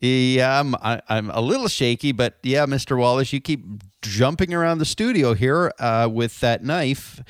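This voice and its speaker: A man's voice: mid-range voice, moderate pace, smooth, no echo. A man hosting a casual industry podcast in a studio, chatty and upbeat, with many fillers and restarts. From Canada. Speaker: podcast host.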